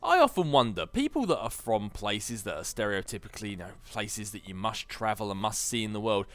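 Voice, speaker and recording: A man's voice: on the low side, very animated, a little fast, a bit bright. A man giving casual, jokey commentary over a video game, musing aloud and laughing often. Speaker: gameplay commentator. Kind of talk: casual Let's Play commentary.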